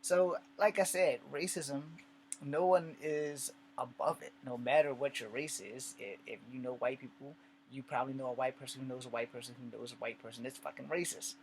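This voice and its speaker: A man from the United States talks straight into his vlog at an ordinary middle pitch. He tells his story bluntly, swears freely and acts out the conversations he recounts. A faint hum sits beneath his voice. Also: moderate pace, low-quality recording. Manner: blunt and profane, with frequent swearing; animated retelling with acted dialogue. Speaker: vlogger. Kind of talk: casual storytelling monologue.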